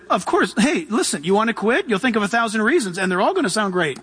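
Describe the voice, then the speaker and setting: High, bright-voiced emphatic preacher man. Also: sing-song, brisk, hardly any pauses, breathy edge. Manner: emphatic, keeps saying "listen"; acts out voices in his preaching. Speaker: pastor. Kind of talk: sermon.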